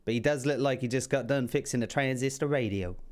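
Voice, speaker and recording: A man hosting a music reaction video, chatting excitedly and swearing freely. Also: medium pitch, fairly quick. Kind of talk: casual reaction commentary.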